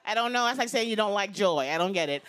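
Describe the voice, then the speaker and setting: A woman's voice: mid-range voice, expressive, fast, a bit bright, smooth. A woman in her fifties doing a brash, confiding stand-up routine on stage before a live audience. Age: 50s. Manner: brash, confiding, punchline-driven. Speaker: stand-up comedian.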